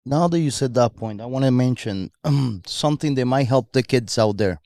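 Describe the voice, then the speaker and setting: Man co-hosting a podcast, earnest, throat-clearing, dry sound. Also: mid-range voice, moderate pace, warm tone, no room sound. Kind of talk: casual chat.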